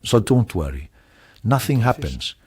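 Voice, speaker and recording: Speaking a little slowly with a fairly low pitch, a retired surgeon from Spain, now an older man, responds to interview questions. His manner is calm, earnest and reassuring.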